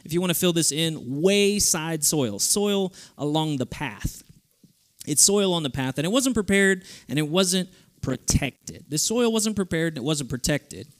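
A young man delivers a sermon to a youth group in a lively, playful way. His voice sits a little high for a man. His delivery is animated and casual. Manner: lively, playful, switches into goofy voices for stories. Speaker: youth speaker.

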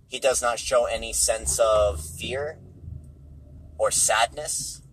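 A man's voice: medium pitch, takes it slowly, fairly bright tone, a little hiss or hum, poor audio. Man talking casually while driving. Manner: conversational, repeats points for emphasis. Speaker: movie reviewer. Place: car on the road.

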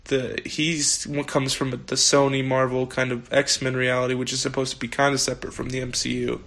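A man's voice: medium pitch, little pitch movement, brisk, fairly bright tone. A man co-hosting a podcast, chatting casually about a TV episode, laughing often and chiming in with jokes. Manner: laughs often, jokey interjections. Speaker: podcast co-host. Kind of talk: casual TV recap chat.

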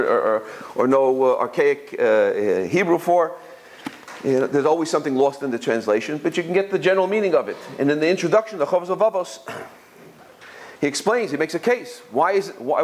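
A man giving an informal religious lesson, telling stories and often repeating words as he searches for his phrasing. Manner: storytelling, jumps higher when quoting others. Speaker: Torah teacher.

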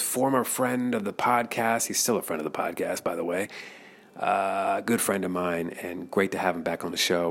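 A man hosting a podcast, chatting casually about movies in a restaurant, rambling and repeating words. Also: sits low. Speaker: podcast host.

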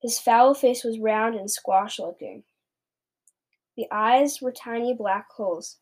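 A woman reading a children's novel aloud, expressive, with small stumbles here and there. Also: fairly high pitch, slow. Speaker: book reader.

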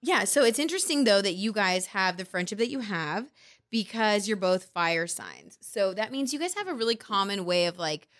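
A woman's voice: medium pitch, expressive, normal speed, fairly bright tone. A woman chatting on a podcast, explaining star signs to her hosts with lots of "like"s. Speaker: astrology guest. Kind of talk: casual podcast chat.

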